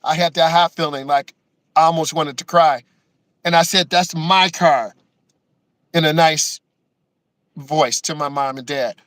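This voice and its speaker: A man who works as a driving instructor tells personal stories to the camera, emotional and close to tears, acting out quotes and tagging many lines with "right?". His voice is a little high and a bit bright, steady in tone, at normal speed with long pauses. The recording has no echo but poor audio.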